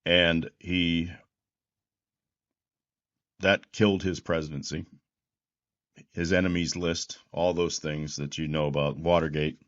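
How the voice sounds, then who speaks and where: Slow and low-pitched, with a level tone and frequent pauses, a sixty-something man hosts a reflective political monologue over lo-fi sound. History-minded, he rambles, restarting and repeating words.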